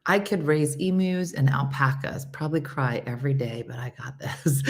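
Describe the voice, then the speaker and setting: Speaking a little slowly, the host reads viewer messages during a casual live chat, staying playful and animated with bursts of silly high voices and quiet whispers.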